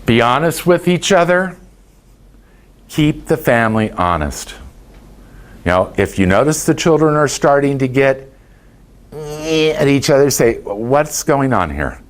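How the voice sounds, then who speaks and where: A man's voice: fairly high pitch, unhurried, pauses often, clean tone. A man giving a folksy, anecdote-filled motivational talk to a group of caregivers. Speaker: speaker to caregivers.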